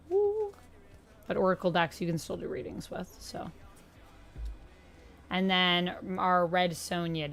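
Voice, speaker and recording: A woman's voice: fairly low pitch, a bit bright. A woman hosting a casual tarot livestream, chatting and greeting viewers as she lays out her decks. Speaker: livestream host reading tarot.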